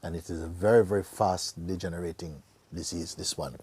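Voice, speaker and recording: A man giving a spiritual talk to a gathering, telling a story in a slow, playful way and acting out characters with gasps and laughter. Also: sits low, fairly even intonation, darkish tone, slightly rough. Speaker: spiritual teacher.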